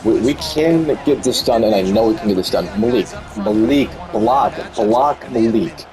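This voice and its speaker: A man's voice: medium pitch, normal speed, over music, low-quality recording. A man giving live commentary over his own football video game, exasperated, self-mocking and pleading with the players. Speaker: gaming commentator.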